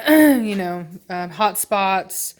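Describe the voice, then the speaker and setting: A woman's voice: mid-range voice, lively intonation, very slow. A woman in a casual home vlog, rambling with many fillers as she talks about her dogs, then giving firm short commands to a dog. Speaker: dog breeder and trainer. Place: home living room.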